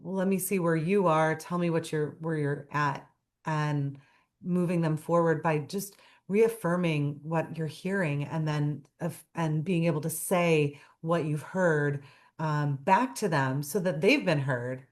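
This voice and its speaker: Animated woman telling a story. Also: sits low, measured pace. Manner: animated storyteller, acts out characters' lines. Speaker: guest. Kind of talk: casual chat.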